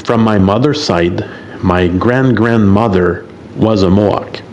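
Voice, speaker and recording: A man in his fifties from Quebec with a French-Canadian accent, a native French speaker, recording a halting, apologetic voice message for a radio show. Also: fairly low pitch, a little mellow, lo-fi sound, a little hiss or hum. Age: 50s. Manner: halting, hesitant, many fillers, apologetic.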